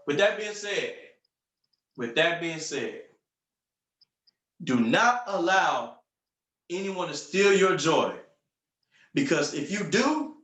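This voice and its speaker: A man's voice: on the high side, a bit bright, far from the mic. A man coaching a group call in an upbeat, punchy way, repeating phrases for emphasis. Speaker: sales coach. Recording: roomy, from off the mic.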